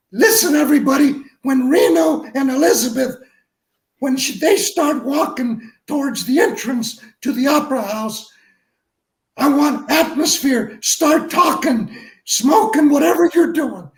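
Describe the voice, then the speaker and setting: A commanding film director calls orders to his extras, put on by an older man telling the story. The voice stays high and close to the teller's own, with a bossy push. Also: lively intonation, measured pace, roomy sound, heavily acted. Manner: barking orders.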